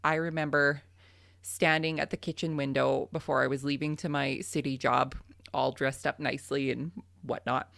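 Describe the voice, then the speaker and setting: A woman's voice: low-pitched, gravelly, a bit bright, dry recording, clean studio sound. A young adult woman from Canada, a farmer and podcast host, telling a funny story in casual chat and laughing often.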